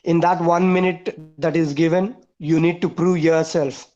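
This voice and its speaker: A man's voice: fairly high pitch, steady tone, a little slow, a little mellow. A man teaching an online class. He lists his points one by one and repeats the key words. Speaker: English teacher. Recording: dull lo-fi online call audio.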